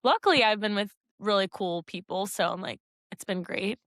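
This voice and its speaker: A woman in her twenties, a podcast co-host and dance instructor, telling stories in casual chat, animated and full of "like". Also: medium pitch, normal speed, dry recording, studio quality. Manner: animated storyteller, lots of "like".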